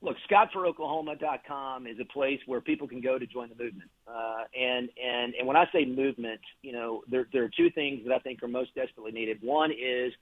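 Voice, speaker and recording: A man's voice: medium pitch, fairly quick, hardly any pauses, no room sound. A man, a political candidate, talking earnestly in a phone interview with frequent word repeats. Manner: earnest, stumbles with repeated words. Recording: tinny phone line.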